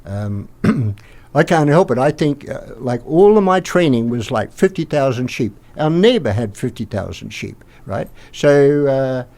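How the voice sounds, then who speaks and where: An older Australian man, a podcast guest, rambling through an animated anecdote and acting out the quotes. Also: medium pitch, unhurried. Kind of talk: anecdotal storytelling.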